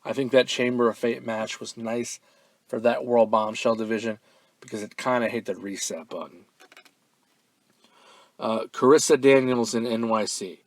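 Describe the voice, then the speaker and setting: A man hosting a fan-mail podcast in a relaxed, offhand way, full of ums and uhs, now and then breaking into loud, profane excitement. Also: medium pitch, moderate pace, pauses often, dry recording. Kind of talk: casual podcast chat.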